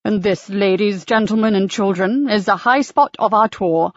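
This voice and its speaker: A woman's voice: mid-range voice, normal speed, dry recording, lo-fi sound, lightly acted. A woman voicing a theatrical male church tour guide in an audiobook, with polished, showman-like patter. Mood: genial.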